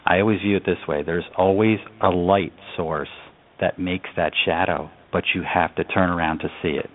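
A man's voice: low-pitched, steady tone, normal speed. A man from upstate New York, a radio interview guest, telling a story in an earnest, reflective way. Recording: phone-line audio.

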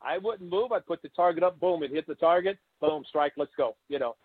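An older man with a slightly high voice spins animated stories as an interview guest, slipping into the voices of the people he quotes. The sound is thin and tinny, like a phone line, and dry, with no room around it. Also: fairly quick, breathy edge, no echo. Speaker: guest, former baseball catcher. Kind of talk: storytelling interview.

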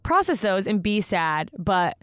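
A woman's voice: mid-range voice, measured pace, smooth, no echo, clean studio sound. A woman comedian talking casually in an interview, telling stories animatedly and acting out what people said. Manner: animated, tells stories with acted-out quotes. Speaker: comedian guest.

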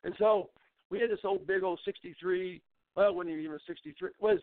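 An older man with a drawl tells long, rambling farm stories and keeps restarting his sentences. His voice sits high for a man. He is heard over a tinny phone line. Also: fairly even intonation, a little fast, no room sound. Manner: rambling folksy storyteller, frequent restarts, laughs at his own tales. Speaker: interview guest, former baseball pitcher. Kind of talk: storytelling in a casual interview.

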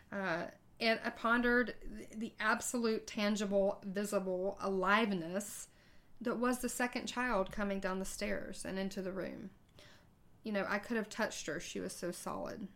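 A woman hosting a podcast shares a personal story conversationally, acting out the dialogue with halting pauses. Her voice is medium-pitched with a fairly bright tone.

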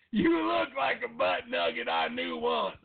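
A man's voice: low-pitched, gravelly, slightly rough, heavily acted. A man voicing a crude, teasing stoner puppet that ribs its co-host in mocking banter. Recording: tinny lo-fi podcast audio.

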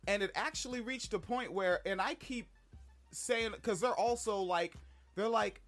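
Guy on a podcast, kinda high voice, cussing a lot, telling the story all worked up, little music in the back. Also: unhurried. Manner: profane, animated storytelling. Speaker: podcast co-host. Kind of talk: casual chat.

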